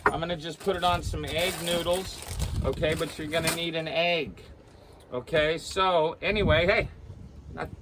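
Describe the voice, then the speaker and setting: A man's voice: fairly high pitch, fairly even intonation, moderate pace, noisy background. A man hosting a casual cooking show aboard a small sailboat, rambling along and tagging nearly every sentence with "okay?".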